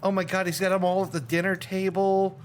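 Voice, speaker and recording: A man co-hosting a podcast, chatting casually, laughing often and tossing in quick jokes. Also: high voice, level tone, slight background noise. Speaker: podcast co-host. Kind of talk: casual chat.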